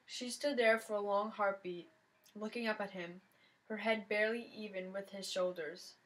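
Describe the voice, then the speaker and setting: A woman's voice: medium pitch, steady tone, moderate pace, rough recording. A woman reading a mystery novel aloud, telling the story in the first person with plenty of expression. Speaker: reader of a novel.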